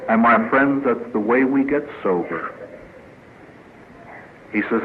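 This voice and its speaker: A priest giving a humorous inspirational talk at a recovery meeting, telling stories with punchlines and acting out the people in them. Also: male voice, medium pitch, slow pace, long pauses. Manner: storytelling with punchlines, voices quoted characters. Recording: tinny lo-fi archive recording with faint hiss.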